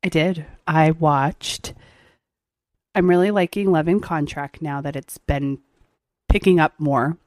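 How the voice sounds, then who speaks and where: Laid-back lower-voiced young woman. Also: fairly even intonation, slow pace, a little mellow, no echo. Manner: teasing, laid-back, repeats short replies. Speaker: podcast co-host. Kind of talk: casual chat.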